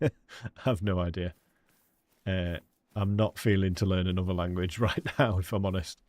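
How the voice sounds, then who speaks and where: Chatty English male game streamer, low voice, dry close-mic home setup, lots of laughs. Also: steady tone, normal speed, a little mellow, dry recording. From England. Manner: chatty, laughs often, calls viewers mate. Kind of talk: casual live-stream chat. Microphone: studio dynamic microphone.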